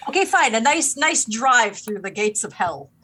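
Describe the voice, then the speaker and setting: Bright-voiced playful woman. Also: mid-range voice, expressive, unhurried, slightly rough, poor audio. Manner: self-deprecating, playful, acts out reactions. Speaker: podcast co-host. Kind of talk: casual music review chat.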